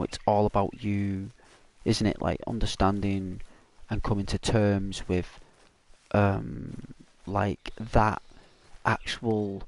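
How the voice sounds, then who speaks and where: A man, gently consoling someone in a rambling, halting way full of fillers. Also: on the low side. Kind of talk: consoling casual chat.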